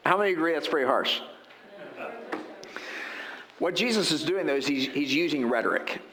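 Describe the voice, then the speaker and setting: Bright-voiced preacher man in an echoey church. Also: fairly high pitch, lively intonation, moderate pace, pauses often. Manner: conversational preaching with rhetorical asides. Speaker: pastor. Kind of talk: sermon. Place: church sanctuary.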